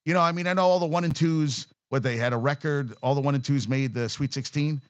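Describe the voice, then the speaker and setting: A man's voice: fairly high pitch, fast talker, no room sound. A man hosting a casual sports talk show, ranting bluntly and profanely with an exasperated edge.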